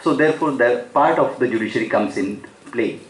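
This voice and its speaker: A man's voice: medium pitch, fairly quick, a little hiss or hum. A man giving an unscripted academic lecture at a seminar, with frequent fillers and self-corrections. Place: seminar hall. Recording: echoey hall.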